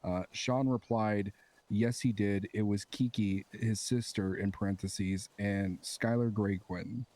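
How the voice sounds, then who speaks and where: A man's voice: on the low side, steady tone, slow, dark tone. A man in casual role-play chat, exasperated and swearing freely.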